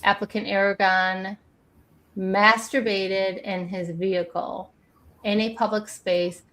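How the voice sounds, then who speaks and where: A woman's voice: mid-range voice, level tone, slow pace, a bit bright. A woman hosting a casual livestream, chatting with guests, laughing often and reading documents aloud. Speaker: livestream host.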